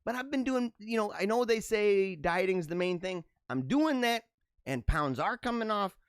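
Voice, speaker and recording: A man's voice: sits high, expressive, normal speed, clear, resonant tone, no room sound, clean studio sound. A man hosting his own talk show, reading jokes aloud and reacting with sarcastic, joking commentary and frequent laughter. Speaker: podcast host.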